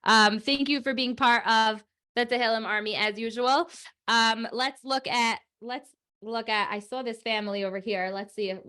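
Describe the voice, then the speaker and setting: A woman in her thirties, hosting a children's prayer program on a video call, chatty and animated with many fillers and asides. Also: on the high side, moderate pace. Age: 30s. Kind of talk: lively talk to kids on a video call.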